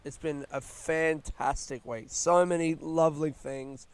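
A young Australian man hosting a casual solo podcast outdoors, rambling through stories in a chatty, rushed way. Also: a little high, fairly even intonation, clear, resonant tone. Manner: rambling, chatty, retelling stories with quoted voices. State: yawning, a bit rushed. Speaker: podcast host. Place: outdoors in a smoking area by a housing estate.

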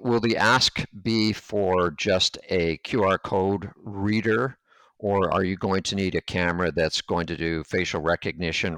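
A man's voice: sits low, fairly bright tone, no room sound. A man from Canada hosting an interview, asking long hypothetical questions with some hesitation. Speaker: interview host. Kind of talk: casual interview chat.

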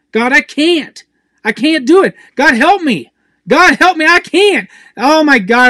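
Intense male preacher, very high bright voice, dry close sound, raw and pleading. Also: dry recording. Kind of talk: emotional sermon to camera.

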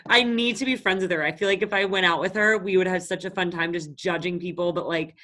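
A woman's voice: mid-range voice, quick pace, hardly any pauses, bright, forceful tone. A woman in her late twenties, co-hosting a podcast in casual chat, telling stories in a blunt, profane, confident way. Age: late 20s. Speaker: podcast co-host. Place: Los Angeles.

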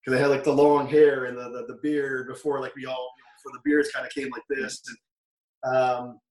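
A man's voice: mid-range voice, level tone, moderate pace, distant mic. A Canadian man in his forties telling stories as a guest in a casual interview, rambling and correcting himself as he goes. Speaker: guest, former wrestler. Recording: roomy, off-mic sound.

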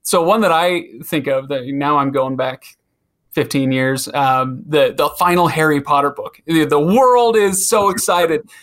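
A man hosting a casual podcast chat, asking questions and telling a story in a relaxed way. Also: on the high side. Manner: relaxed storytelling, quick agreeing interjections. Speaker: podcast host.

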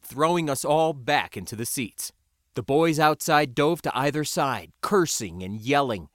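A man reading a first-person story as an audiobook narrator, in a wry, lively storytelling way. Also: mid-range voice, dry recording, studio quality.

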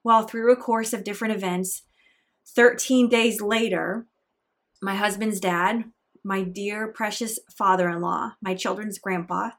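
A middle-aged woman hosts her own podcast, speaking alone in a solo motivational monologue about pressing on through hard times. Her mid-range voice has fairly even intonation and a measured pace, and her manner is earnest, encouraging and faith-tinged.

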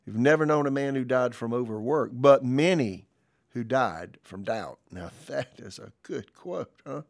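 Gravelly-voiced male pastor preaching. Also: medium pitch, expressive, moderate pace. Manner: reads scripture and quotes aloud, then comments conversationally with fillers. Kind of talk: podcast sermon.

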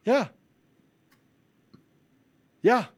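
A man hosting a political commentary show, ranting in a fiery, repetitive, emphatic way. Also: very slow. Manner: self-described introvert. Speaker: show host.

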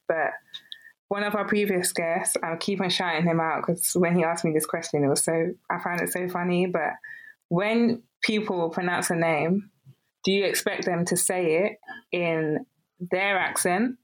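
Woman host, lowish voice, careful questions, lots of ums. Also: rough recording. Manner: thoughtful, measured questions with ums and restarts. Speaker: podcast host. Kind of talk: interviewing.

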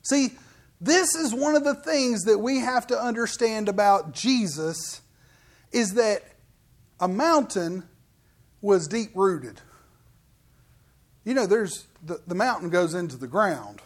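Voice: mid-range voice, lively intonation, slow pace, long pauses. A pastor preaching a weekly sermon in an emphatic way, mixing scripture with casual asides to the congregation.

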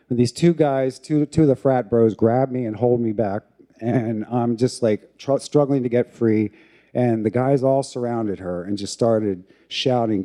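A man's voice: mid-range voice, measured pace, warm tone. A middle-aged man telling a candid, self-mocking personal story to an audience.

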